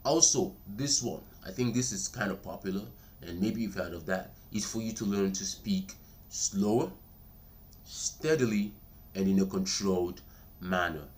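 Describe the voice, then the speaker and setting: A man's voice: low voice, darkish tone. A man giving a casual spoken tutorial, chatty and repetitive, calling listeners "bro" and checking in with "all right?". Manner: slows down and speaks steadily when demonstrating. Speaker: voice coach vlogger.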